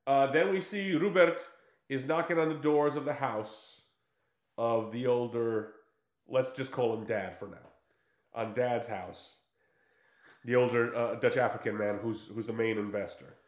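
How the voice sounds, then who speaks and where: A podcast co-host goes over a film in relaxed conversation, speaking at a measured pace in a mid-range voice. The audio is reverberant, and he animates the story with performed quotes and frequent cursing.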